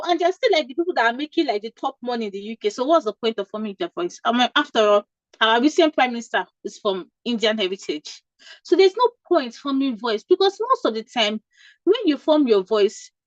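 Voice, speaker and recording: A woman's voice: high voice, dry recording, highs cut off. A woman from Nigeria giving informal interview advice to nurses, emphatic and repeating her points with frequent "okay?" checks. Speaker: career coach for nurses.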